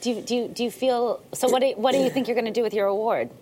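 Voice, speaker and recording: A woman hosting an interview, quick and affirming, with a faint noise behind her. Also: fairly high pitch, darkish tone. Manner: fast, affirming, talks in quick bursts. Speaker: host. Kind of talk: casual interview chat.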